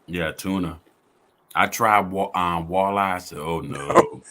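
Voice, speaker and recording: A man's voice: low-pitched, fairly even intonation, unhurried, bright, forceful tone. A man from Florida in a casual live-stream chat. He talks in a laid-back way with folksy grammar.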